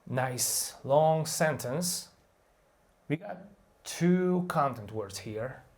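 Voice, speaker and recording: Slow, lively American man teaching pronunciation. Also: fairly high pitch, a little hiss or hum. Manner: playful, crude jokes, slow drawn-out stressing of example words. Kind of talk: online English pronunciation lesson.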